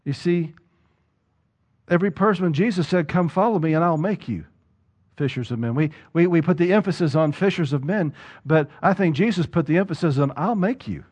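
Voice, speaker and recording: A man's voice: fairly high pitch, brisk, darkish tone, slightly rough. A male pastor preaching a sermon, putting rhetorical questions to the congregation and repeating words as he drives a point home.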